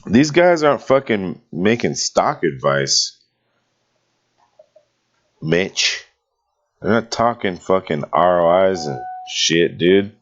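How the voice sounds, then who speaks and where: A deep, low-voiced male host rambles through casual commentary and pokes fun at the writing he reads aloud. The audio sounds dull and lo-fi. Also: very animated, slow, pauses often. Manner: sarcastic, mocks what he reads aloud.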